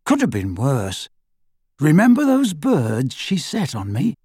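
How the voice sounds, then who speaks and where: A man's voice: on the high side, huge pitch swings, slow pace, dark tone, slightly rough, no room sound, clean studio sound, full character voice. Man voicing Ron, an easygoing teenage boy. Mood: offhand.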